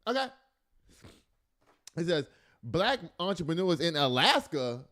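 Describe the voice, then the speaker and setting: Man, podcast host, casual news commentary, fairly high voice, exasperated asides, laughs a lot. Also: sing-song, unhurried, a bit bright. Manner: reads news aloud with frequent exasperated asides; laughs and jokes often.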